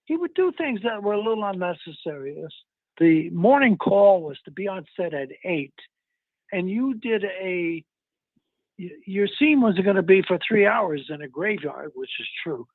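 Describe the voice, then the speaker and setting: An older man, an actor being interviewed, telling anecdotes in an animated way and acting out the lines of people he quotes, with a husky, gravelly voice. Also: high voice, normal speed, no room sound. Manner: animated, acts out quotes in retelling. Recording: dry, tinny phone-like sound.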